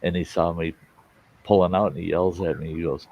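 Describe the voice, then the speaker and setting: A low-pitched man talks fairly quickly while hosting a live stream, chatting loosely with viewers. He spins rambling folksy stories and performs the things people said, all in dull lo-fi sound.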